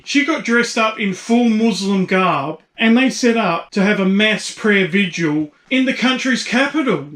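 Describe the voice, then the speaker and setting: A man's voice: high-pitched, a bit bright, roomy sound. An Australian man delivering a blunt, profane and mocking comedic rant as a YouTube commentator.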